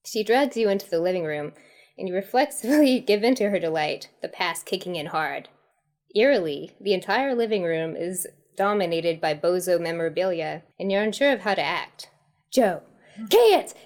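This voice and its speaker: A woman's voice: medium pitch, a little mellow. A woman reads a comic horror tale aloud as host, in a mid-range voice. She often slips into giggles between her lines. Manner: breaks into giggles while reading. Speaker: storyteller host. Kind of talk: reading a choose-your-path horror comedy tale.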